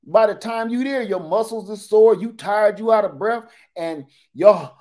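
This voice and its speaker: A man in his forties, a livestream host telling animated, joking stories in casual talk. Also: high-pitched, normal speed, few pauses.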